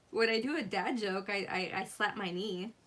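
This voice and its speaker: A woman's voice: mid-range voice, a bit bright. A young woman hosting a live craft stream, chatting casually, reading viewer comments aloud and laughing often. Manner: giggly, laughs often, reads chat aloud. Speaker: craft livestream host.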